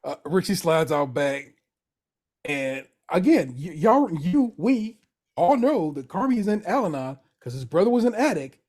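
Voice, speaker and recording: A podcast co-host recapping a TV show in loose, profane slang. The voice sits at a middling pitch but swings animatedly up and down through each retelling. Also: sing-song, unhurried, a little mellow. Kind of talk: casual chat recapping a TV show.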